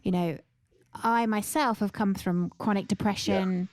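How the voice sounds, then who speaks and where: A woman's voice: medium pitch, fairly even intonation, unhurried, dry recording, clean studio sound. A woman hosting a podcast who responds effusively and asks her guest questions. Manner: warm, effusive listener with frequent affirmations. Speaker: podcast host. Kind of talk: interview conversation.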